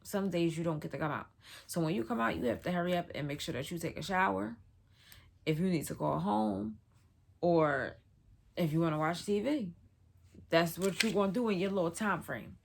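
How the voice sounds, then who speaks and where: A woman's voice: fairly low pitch, lively intonation, normal speed, vocal fry. A woman vlogger telling a personal story in a casual storytime, slangy and loose, full of "like" fillers.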